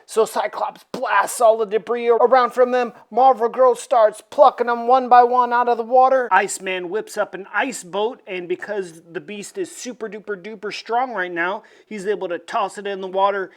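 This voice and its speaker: A woman's voice: mid-range voice, steady tone, moderate pace, few pauses. A woman casually recapping a comic issue in an irreverent, joking way, with plenty of "uh" fillers. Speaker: comic book reviewer.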